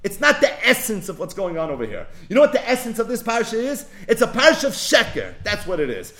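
Animated high-voiced man teaching Torah. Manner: animated, poses rhetorical questions and answers them; quotes verses in a slow recitation. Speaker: rabbi teaching a text class. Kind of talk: Torah lecture.

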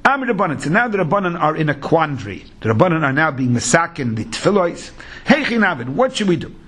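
A man's voice: a little high, big pitch swings, fast talker, a bit bright, breathy edge. A man teaching Talmud as a rabbi, chanting the text in a sing-song and weaving in Hebrew and Yiddish terms. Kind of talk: Talmud lesson in Yeshivish English.

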